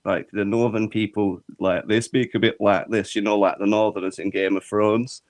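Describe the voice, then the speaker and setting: A man's voice: on the low side, little pitch movement, moderate pace, no room sound. A man from the United Kingdom with a British accent, co-hosting a casual podcast and teasing the others in a dry way.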